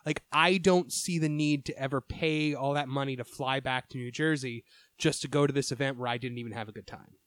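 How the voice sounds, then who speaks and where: A man's voice: mid-range voice, steady tone, fairly quick, a bit bright, dry recording, studio quality. A man chatting as a podcast co-host who teases his friends and rants in an exaggerated way. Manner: teasing, exaggerated ranting. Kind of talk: casual chat.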